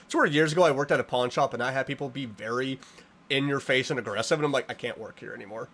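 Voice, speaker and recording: A man live-streaming a game, chatting with his viewers in an animated, playfully dramatic way. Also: mid-range voice, fast. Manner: animated, playfully dramatic, reading and answering chat.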